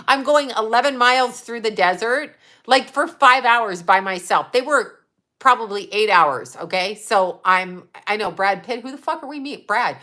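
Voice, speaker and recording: A woman's voice: fairly high pitch, sharp tone. A woman in her fifties chatting casually on a livestream, blunt, sarcastic and profane, laughing often as she answers viewers. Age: 50s. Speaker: psychic medium and livestream host.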